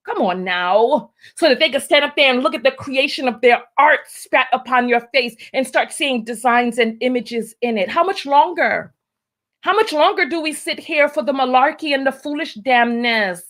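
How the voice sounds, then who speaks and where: A high-pitched middle-aged woman hosts her own show, sermonizing about the news in an emphatic, preachy monologue. She drives her points home with rhetorical questions, asks them again and again, and answers them herself. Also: normal speed, a bit bright. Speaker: show host. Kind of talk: opinion commentary monologue.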